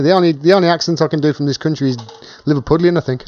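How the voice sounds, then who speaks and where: A man's voice: a little high, rapid-fire, a little mellow, no echo, highs cut off. A British man hosting a casual live-stream Q&A, chatting and thanking viewers by name as he reads their comments.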